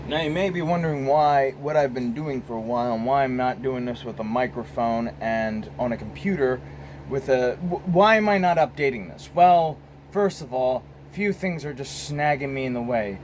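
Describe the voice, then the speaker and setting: A man's voice: mid-range voice, moderate pace, slight background noise, low-quality recording. An American man hosting his own casual vlog, rambling and profane, filmed on a phone. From United States. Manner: rambling, profane, many restarts. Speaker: host.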